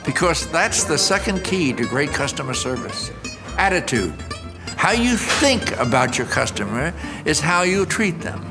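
An older man giving a motivational talk on customer service, an animated storyteller who acts out his anecdotes with punch before a live audience. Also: a little high, measured pace, over music.

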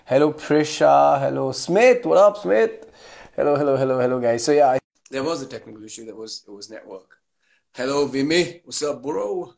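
A man's voice: mid-range voice, expressive, normal speed, creaky, darkish tone. A young man hosting a live video stream, chatting casually, laughing often and greeting viewers by name.

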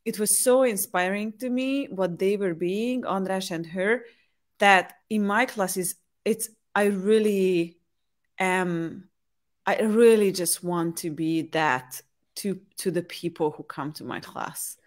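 A woman's voice: medium pitch, takes it slowly. A woman from Hungary, an English speaker, hosting a casual conversation and telling stories with animation. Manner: animated, lively storytelling. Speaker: host.

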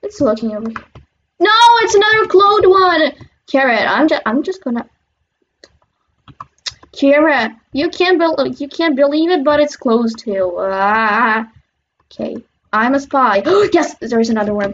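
A woman hosting a gaming channel, giving excitable, chatty running commentary on her gameplay with sudden squeals. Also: a little high, measured pace, vocal fry, lo-fi sound, a little hiss or hum.

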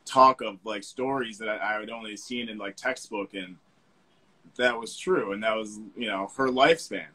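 A man being interviewed as a guest, speaking in a reflective, earnest and soft-spoken way. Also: lowish voice, normal speed, husky, poor audio. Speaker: guest, fashion model. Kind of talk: casual interview.

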